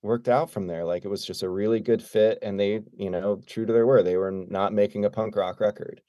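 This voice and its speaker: Brief: middle-aged male guest, mellow low voice, dry close sound, lively storyteller. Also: fairly quick, no room sound. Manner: animated, acts out quoted dialogue. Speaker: guest drummer. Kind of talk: casual storytelling.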